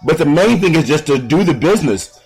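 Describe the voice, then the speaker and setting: A man hosting a casual sports radio talk show in an upbeat, folksy, rambling way, giving shout-outs to listeners. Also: a little high, expressive, a little fast, breathy edge, faint music behind, rough recording.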